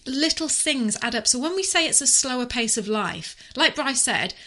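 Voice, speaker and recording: Woman, English accent, middle-aged, podcast co-host, emphatic casual chat, slightly high voice. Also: normal speed. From England. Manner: animated, emphatic storyteller.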